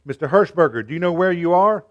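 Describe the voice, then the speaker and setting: A man voicing a brisk woman nurse who raises her voice to question a patient, while reading a story aloud in a sermon. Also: a little high, expressive, no room sound, highs cut off, voice pushed up, lightly acted. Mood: insistent. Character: brisk hospital nurse, woman, loud and cheerful.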